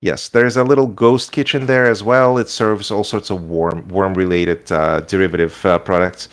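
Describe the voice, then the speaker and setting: A man's voice: deep voice, fairly even intonation, normal speed. A man narrating as game master, improvising loosely with many fillers. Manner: rambling, improvised, full of fillers.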